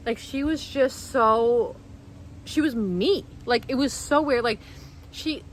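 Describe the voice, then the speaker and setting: Woman vlogging in her car, kinda high voice, rambly and emotional, faint road noise. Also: slow, rough recording. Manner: emotional, rambling, lots of "like" and restarts. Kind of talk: casual storytelling to camera.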